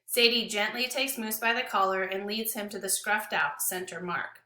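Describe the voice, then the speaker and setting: A woman teacher reading a novel aloud to her class with an expressive, dramatic delivery. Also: mid-range voice, normal speed, few pauses, roomy sound.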